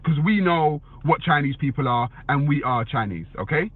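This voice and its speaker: This man answers viewers' comments with blunt, casual opinions, full of swearing and repeated "you know what I'm saying." His voice is a little high, husky and expressive at a normal speed. It sounds like a tinny phone recording, dry with no echo.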